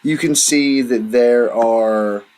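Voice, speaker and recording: A man's voice: mid-range voice, takes it slowly, a little mellow, poor audio. A man running a tabletop game as dungeon master, describing scenes at an easy pace with plenty of fillers. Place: home table with friends.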